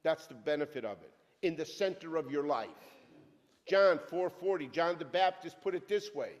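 A middle-aged male pastor preaching a sermon with fervent, emphatic delivery that swings from loud outbursts to quiet asides, in a church sanctuary. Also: a little high, expressive, moderate pace, lo-fi sound. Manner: fervent, emphatic preaching that rises and drops sharply. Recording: long reverb of a church hall.

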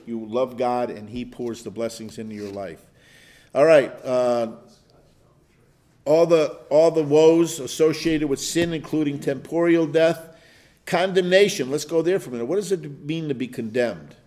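A man's voice: fairly high pitch, measured pace, a little mellow. An older man leading a Bible study, telling stories in a rambling, chuckling way with many restarts. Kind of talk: conversational Bible teaching.

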